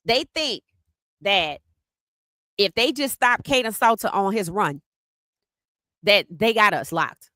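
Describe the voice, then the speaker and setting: A woman hosts a live sports podcast stream. Her voice is bright and forceful. She sounds animated and teasing, and the recording is dry and close. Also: medium pitch, slow, pauses often, no echo. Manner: animated, teasing, greets chat viewers by name.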